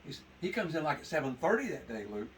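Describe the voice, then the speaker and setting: A man telling an animated story to a men's meeting, laughing as he talks. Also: on the high side, fast. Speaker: testimony speaker at men's meeting. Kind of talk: casual storytelling to a group. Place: indoor meeting room. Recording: distant mic with background noise.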